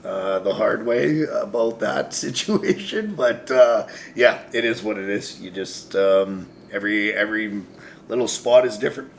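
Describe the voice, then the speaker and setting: A man's voice: on the low side, unhurried, gravelly, a little hiss or hum. A man talking as a guest in a casual chat, easygoing and hesitant with fillers.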